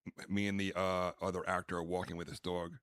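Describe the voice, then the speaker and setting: A man with a very low voice tells stories in casual podcast chat, animated and quick to restart his sentences. The sound is dry and close, with no room echo. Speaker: stand-up comedian and podcast co-host.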